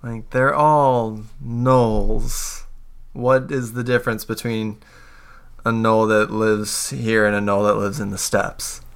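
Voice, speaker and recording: A man's voice: fairly low pitch, little pitch movement, slow, fairly bright tone, clean tone. A man doing a wry female soldier medic. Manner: wry, questioning.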